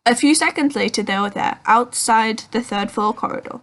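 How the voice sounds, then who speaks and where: A woman's voice: a little high, normal speed, a bit bright. Woman reading aloud with many ums. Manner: reads with frequent ums and self-corrections. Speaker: audiobook reader. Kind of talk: reading a children's novel aloud.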